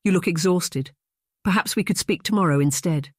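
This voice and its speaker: A narrator voicing a worried, deferential household maid who speaks in a hushed, hesitant way. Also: female voice, on the low side, moderate pace, dry recording, clean studio sound, pitched above the performer's own voice, natural voice.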